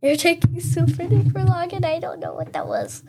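A young woman co-hosting a playful podcast, sassy in banter and rushing through facts she reads out. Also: extremely high pitch, wildly swooping pitch, music in the background. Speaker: podcast co-host.

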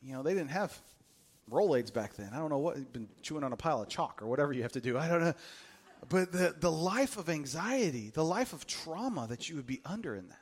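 This male pastor speaks on the high side, a little fast, with a husky edge. His sermon is relaxed and jokey, and he brings the story alive by performing each quoted voice with humor and animation.

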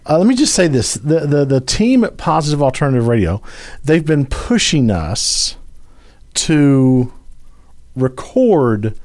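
A man co-hosting a podcast, jokey and halting, laughing easily between thoughts. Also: on the high side, a little mellow. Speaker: podcast co-host. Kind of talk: casual chat.

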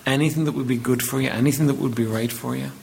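A man's voice: mid-range voice, steady tone, fast talker, creaky, a little mellow, slight background noise. A man preaching a sermon as pastor, reading scripture aloud and emphatically repeating words as he builds his points.

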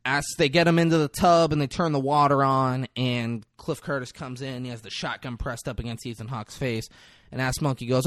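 Animated, foul-mouthed man recapping a movie. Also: mid-range voice, a little fast, hardly any pauses, no room sound. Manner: animated storyteller, swears freely, acts out quotes. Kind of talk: casual movie recap chat.

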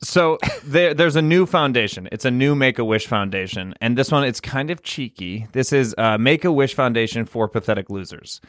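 Podcast co-host, man, mid pitch, relaxed delivery, dry close mic. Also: moderate pace, hardly any pauses, dry recording. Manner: easygoing, laughs along, pitches prompts. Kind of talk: improvised comedy riffing.

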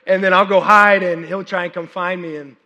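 Man in his thirties, worship pastor preaching, high and bright, chatty and animated, fighting a sore throat, long hall reverb. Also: a little fast, highs cut off. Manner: chatty and animated, with many fillers and restarts. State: unwell, struggling to clear his throat. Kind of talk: sermon with personal storytelling. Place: church service.

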